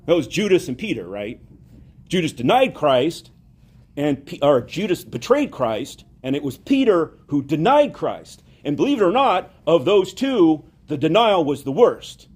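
A man preaching a homily, telling a story with lively acted-out dialogue. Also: fairly high pitch, a little slow, slightly rough. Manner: animated storytelling, acts out quoted dialogue.

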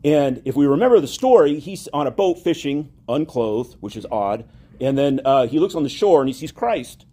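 A man preaching a homily, telling a story with lively acted-out dialogue. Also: a little high, normal speed. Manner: animated storytelling, acts out quoted dialogue.

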